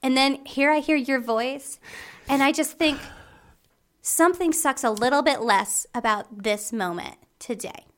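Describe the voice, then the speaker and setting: A woman's voice: high-pitched, unhurried. A woman playing an eager, pushy superfan who is a tortured soul in hell, in an improvised comedy podcast. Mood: chatty. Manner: gushing, pushy, insistent.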